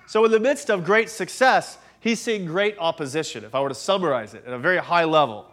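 A man's voice: on the high side, animated, a little fast, a bit bright. A man, preaching a sermon and telling a chatty, self-deprecating personal story, a little congested from allergies. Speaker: pastor.

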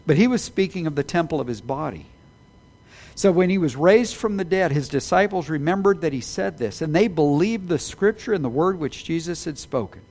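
A man preaching an Easter sermon, building to emphatic peaks with quick apologetic asides. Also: sits high, expressive, a little mellow. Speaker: pastor.

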